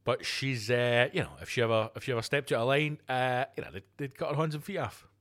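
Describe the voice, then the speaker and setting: A man hosting a solo podcast, ranting with heavy swearing and sarcasm, jumping between loud outbursts and low muttered asides. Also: quick pace. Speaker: podcast host.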